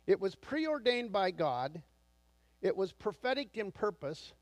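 A man's voice: high-pitched, very animated, measured pace, no room sound. A man preaching a sermon as pastor, telling a long story with quoted dialogue before laying out numbered points.

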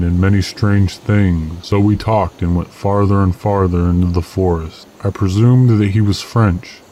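Deep-voiced man narrating an old tale. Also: slight background noise, poor audio. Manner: measured, steady first-person narration. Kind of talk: storytelling reading of an old tale.

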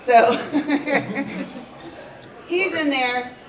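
Playful, teasing woman in a loud room. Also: high-pitched, extremely slow, roomy sound, recorded from a distance, crowd noise. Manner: playful, teasing, chimes in and laughs a lot. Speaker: podcast co-host. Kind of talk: casual chat.

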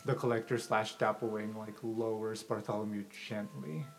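A man's voice: lowish voice, moderate pace, poor audio. Male game master narrating over music. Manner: lively, shifting from hushed description to excited outbursts. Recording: background music under the voice.

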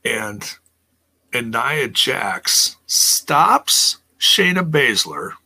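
Bright-voiced man recapping wrestling, slow. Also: medium pitch, very animated, husky. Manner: chatty, exasperated, reads chat aloud. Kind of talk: casual live-stream chat.

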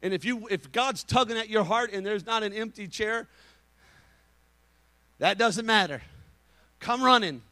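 A man preaching a Pentecostal sermon in church, going from calm, conversational instructions to shouted, impassioned exhortation. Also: high-pitched, moderate pace, pauses often, dry recording. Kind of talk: Pentecostal altar-call sermon. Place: church sanctuary.

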